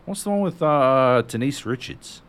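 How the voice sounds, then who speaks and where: A man's voice: mid-range voice, lively intonation, moderate pace, fairly bright tone, smooth. A man co-hosting a podcast in casual chat, swearing freely in incredulous rants. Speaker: podcast co-host.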